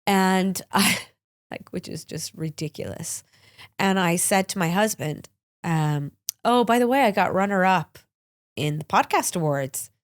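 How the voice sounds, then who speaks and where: A woman's voice: on the low side, unhurried. A woman hosting a podcast, candidly telling personal stories in a chatty, open way, sounding a little congested and sniffly. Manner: chatty, open, with frequent "like" and restarts. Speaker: podcast host.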